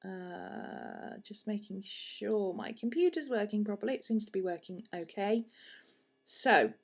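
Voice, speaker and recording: A woman's voice: mid-range voice, wildly swooping pitch, moderate pace, vocal fry, warm tone. Stuffy-nosed woman chatting live. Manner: chatty and rambling, with fillers. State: congested, sniffly head cold. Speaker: livestream host and art teacher. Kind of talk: casual live-stream chat. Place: at her desk at home.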